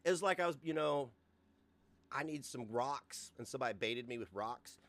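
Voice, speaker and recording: A man's voice: medium pitch, animated, moderate pace, fairly bright tone, a little hiss or hum. A man in his forties hosting a casual livestream rant, profane and mocking, often laughing. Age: 40s. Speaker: host.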